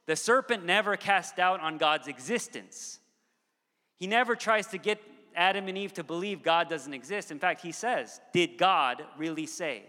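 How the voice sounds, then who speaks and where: Bright-voiced pastor preaching in a hall. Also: male voice, a little high. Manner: conversational, with frequent "okay" asides. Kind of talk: sermon. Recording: long hall reverb.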